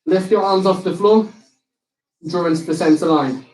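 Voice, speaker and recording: Upbeat fitness coach, echoey room. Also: male voice, high-pitched, normal speed, a little mellow. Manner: upbeat, instructive cueing with banter. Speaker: fitness instructor. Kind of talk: live online circuit class coaching.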